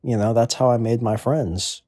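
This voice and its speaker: A man in his twenties rambles through a crude comedic monologue in an offhand way. His medium-pitched voice is dark and fairly even, at normal speed, recorded in a clean studio with no echo.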